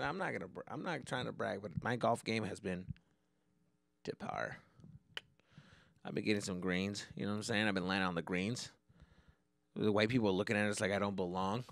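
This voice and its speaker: A man's voice: lowish voice, gravelly, no echo, clean studio sound. A man hosting a comedy podcast, talking casually and profanely, dropping Spanish slang into his English. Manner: animated storytelling, acts out exchanges.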